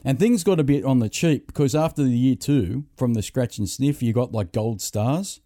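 Mellow-voiced podcast host. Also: male voice, mid-range voice, normal speed, dry recording, studio quality. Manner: profane, rambling anecdotes. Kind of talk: casual storytelling chat.

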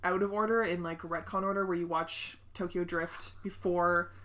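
A woman's voice: lowish voice, steady tone, a bit bright. A woman co-hosting a podcast who chats enthusiastically, gasping and laughing often. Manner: enthusiastic, quick to gasp and laugh. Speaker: podcast co-host. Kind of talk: casual chat.

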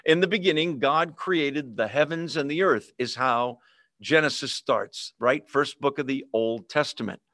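A man's voice: medium pitch, unhurried, pushed and bright, dry recording, studio quality. Chatty man teaching a Bible study. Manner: conversational, with fillers and humorous asides. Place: online video meeting.

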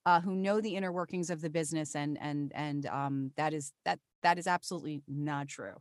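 A woman voice actor talking casually about her craft in an interview, animated with many restarts. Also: deep voice, brisk, no echo, studio quality. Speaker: voice actor guest.

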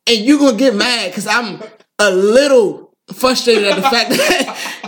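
High-pitched dude ranting and laughing, slangy and cussing, casual podcast talk. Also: male voice, a little slow, crowd noise. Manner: animated, profane slang, laughs through his stories. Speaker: podcast co-host, phone store worker. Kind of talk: casual chat, storytelling.

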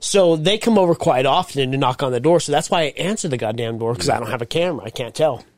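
A man's voice: medium pitch, animated, quick pace, no room sound, clean studio sound. A man co-hosting a podcast in a casual chat, wry and swearing often as he gripes. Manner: wry, swearing, laughs at stories. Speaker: podcast co-host.

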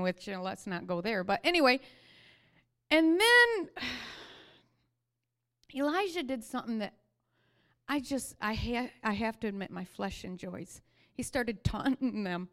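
A woman preaching a sermon, telling stories with energy and then sinking to soft whispers. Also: a little high, slow, pauses often. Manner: animated storytelling that sinks to soft whispers.

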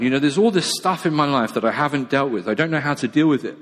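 A man's voice: fairly high pitch, sing-song, quick pace. A middle-aged man, preaching a sermon in a chatty, self-mocking storytelling way. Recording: long echo of a large hall.

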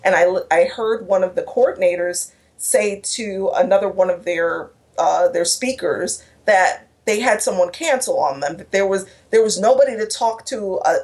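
A woman telling an emotional personal story in an interview, earnest, with restarts and quoted dialogue. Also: mid-range voice. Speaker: guest speaker.

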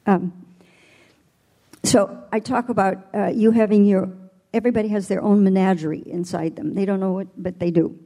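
A woman's voice: medium pitch, fairly even intonation, moderate pace, dark tone. An older woman voice teacher answers a panel question thoughtfully, explaining her methods with vivid imagery. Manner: thoughtful, demonstrative with vocal imagery.

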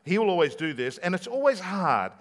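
Man, pastor, sermon, conversational, rhetorical questions, slightly high voice. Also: very animated, brisk, fairly bright tone.

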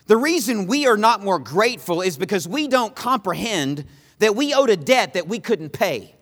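High, lively male preacher in a reverberant hall. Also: moderate pace. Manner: emphatic and repetitive, swinging between loud pleas and hushed lines. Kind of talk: sermon.

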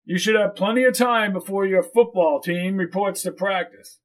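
A man's voice: high-pitched, normal speed, pitched above the performer's own voice, natural voice. A man voicing a commanding, wealthy older man in an audiobook reading.

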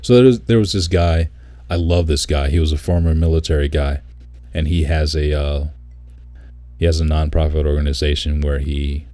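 Very deep-voiced man telling a story. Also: no room sound. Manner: animated storyteller, swears, mimics people in high voice. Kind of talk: casual chat.

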